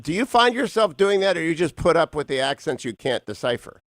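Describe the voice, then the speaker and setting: A man's voice: fairly high pitch, sing-song, a little fast, a bit bright, no room sound. A man hosting a radio talk show, bantering in a jovial, teasing way with a guest. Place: radio studio.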